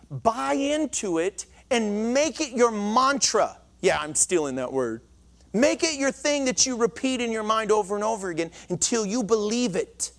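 A man's voice: extremely high pitch, fairly bright tone. A male pastor preaching to a congregation in a church. He speaks in an earnest, conversational way and often restarts his sentences. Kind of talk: sermon.

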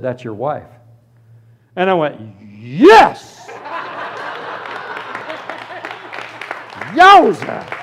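A man preaching and giving his personal testimony, telling it as a lively story and acting out the other people in it. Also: mid-range voice, slight background noise. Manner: animated storytelling, acts out voices. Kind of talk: testimony sermon.

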